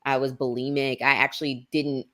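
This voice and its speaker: A woman in her thirties with a low, full voice tells stories in casual podcast chat. She is animated and jumps up into a higher voice whenever she quotes someone. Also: normal speed. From Maryland, USA. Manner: animated storyteller, acts out quoted lines in a higher voice. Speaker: podcast guest.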